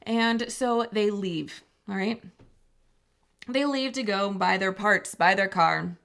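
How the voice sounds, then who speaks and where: Middle-aged woman, podcast co-host, casual storytelling, chatty and laughing, mid pitch. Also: slow, creaky, fairly bright tone. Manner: chatty, laughing, acts out quoted people.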